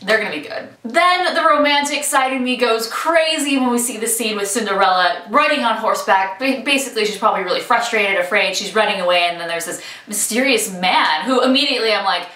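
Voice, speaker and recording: A woman's voice: fairly high pitch, lively intonation, fairly quick, few pauses, sharp tone. A woman chatting enthusiastically and casually as she reviews a film trailer. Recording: echoey room, mic at some distance.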